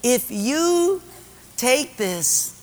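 A man voicing a sly male devil who tempts with a high, drawn-out, coaxing voice, in a long echoing hall. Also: sing-song, exaggerated voice.

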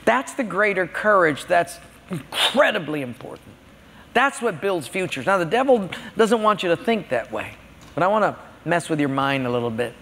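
A man preaching to a congregation. His voice sits high for a man and has a gravelly grain. He talks in a conversational, storytelling way, and long reverb from a big hall hangs after each phrase. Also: sing-song, moderate pace, fairly bright tone. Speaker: pastor. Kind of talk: sermon.

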